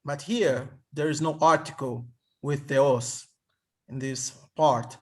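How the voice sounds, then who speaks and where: Slow, halting man tutoring Greek. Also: medium pitch, steady tone. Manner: hesitant, halting, many restarts. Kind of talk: online tutoring session. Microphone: video call.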